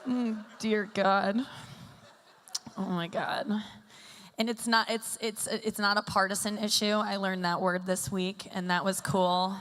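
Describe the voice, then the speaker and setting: On a comedy stage in a large hall, a woman in her thirties performs stand-up through a stage mic, her set rambling, self-deprecating and heavy on fillers. Her mid-range voice is fairly bright, a little slow, with little pitch movement. Long hall reverb fills the live recording.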